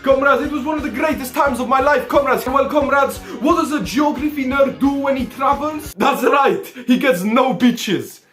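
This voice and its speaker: High-voiced brash young man vlogging. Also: normal speed, hardly any pauses, a bit bright, roomy sound, faint music behind. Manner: brash, sweary, playful faux-Soviet "comrades" persona. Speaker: vlogger showing his flag collection. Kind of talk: casual comedic vlog.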